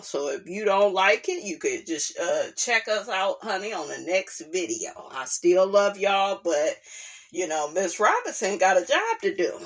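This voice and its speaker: A woman hosting a gossip commentary vlog, sassy and animated, breaking into asides and laughter. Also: lowish voice, breathy edge. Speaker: commentary channel host.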